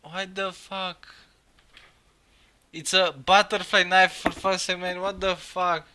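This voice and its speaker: A young man live-streaming, reacting in excitement, swearing a lot and laughing often. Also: sits high, slow, slight background noise.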